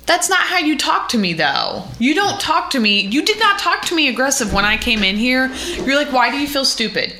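Bright-voiced woman in casual chat. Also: high voice, moderate pace, few pauses, a little hiss or hum. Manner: animated, talks in long run-on explanations. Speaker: podcast co-host, sister-in-law. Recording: echoey room.

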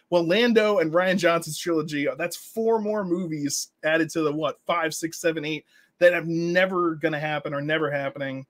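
Sarcastic, animated man in casual chat. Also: a little high. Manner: animated, sarcastic, mocking impressions. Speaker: co-host.

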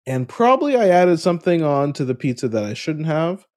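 Man, podcast co-host, casual chat, warm mellow tone, laughs while talking. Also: fairly high pitch, brisk. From family from India. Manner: animated storyteller, laughs mid-sentence.

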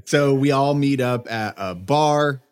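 A man in his thirties telling a story in casual chat, animated, acting out quotes in a raised voice, swearing and laughing often. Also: mid-range voice, slow pace, clear, resonant tone. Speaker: podcast co-host telling a story.

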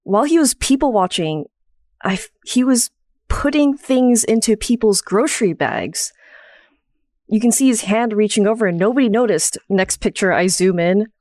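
A woman's voice: mid-range voice, animated, moderate pace, a little mellow, dry recording, clean studio sound. A woman co-hosting a casual podcast, telling a story in short, loose fragments. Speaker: podcast co-host. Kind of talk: casual roundtable podcast chat.

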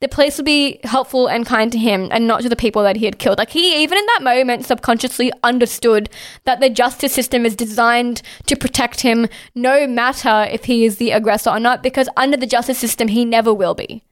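A woman's voice: a little high, brisk. A woman co-hosting a casual political discussion, talking in an impassioned way, swearing often and saying "like" a lot.

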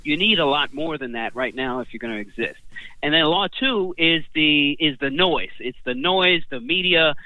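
A man's voice: on the high side, animated, moderate pace, no echo. Laid-back swearing man on a tinny line. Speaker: podcast guest, trading coach. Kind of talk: casual podcast chat. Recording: tinny phone-line audio.

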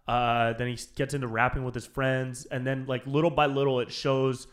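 Podcast host, man: laid-back, riffs along with the guest, dude-heavy casual talk, mid-pitched. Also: little pitch movement, moderate pace.

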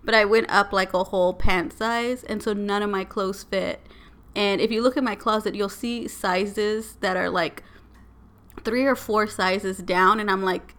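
Bright animated woman. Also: medium pitch, measured pace. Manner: animated, exasperated storytelling. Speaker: podcast co-host. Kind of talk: casual chat.

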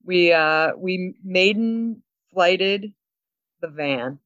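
A woman co-hosting a podcast, telling a story with lots of laughs and quick asides. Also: fairly low pitch, a bit bright, no room sound, highs cut off. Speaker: podcast co-host. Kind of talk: casual chat.

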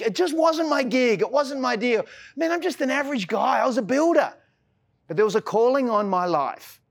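A man with an Australian accent preaching a sermon as pastor, earnest, often stumbling and restarting his words, slowing on key phrases and then rushing ahead. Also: high voice. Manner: earnest, frequent stammered restarts.

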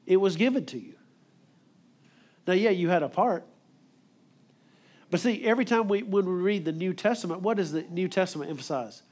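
Emphatic quick-talking male preacher. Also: high voice, a little mellow. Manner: emphatic, acts out quoted voices, quick delivery. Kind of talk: sermon.

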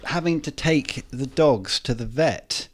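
A man, a podcast guest, chatting casually and telling stories with dry, deadpan humour. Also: mid-range voice, measured pace. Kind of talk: casual chat.

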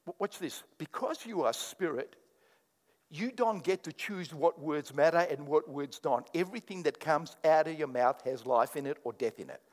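A man preaching a sermon as pastor, swinging from quiet asides to loud, animated bursts and mock prayers. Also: on the high side, normal speed, big-room sound.

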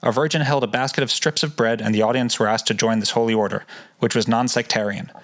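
A man's voice: medium pitch, steady tone, quick pace, a bit bright. Male co-host, medium voice, reads passages then riffs casually with profanity. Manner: swears casually, chatty asides. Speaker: podcast co-host. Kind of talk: reading a book aloud with casual commentary.

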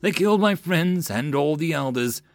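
A man's voice: a little high, expressive, moderate pace, no echo, pitched above the performer's own voice. A man voicing a tearful, urgent young woman.

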